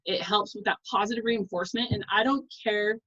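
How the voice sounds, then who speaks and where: A woman's voice: mid-range voice, fairly even intonation, pushed and bright, highs cut off. Effusive woman leading a team call. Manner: fast, effusive, self-interrupting. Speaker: team leader on a coaching call. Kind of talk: casual motivational team call.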